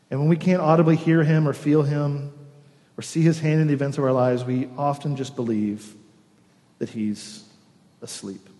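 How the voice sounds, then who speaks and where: A man's voice: mid-range voice, dark tone. A pastor in his forties preaching a sermon, telling a story and dropping to a near-whisper on key words. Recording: long reverb of a church hall.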